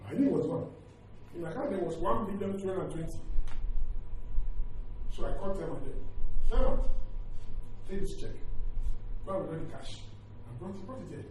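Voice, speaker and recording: A male pastor with a high voice preaches from a distance, and the sound comes back off a very echoey hall. He tells a story in sermon style, acting out each speaker's lines and repeating words as he goes. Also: lively intonation, moderate pace, pauses often, darkish tone, a little hiss or hum. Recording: echoey hall, mic far off, faint ambience.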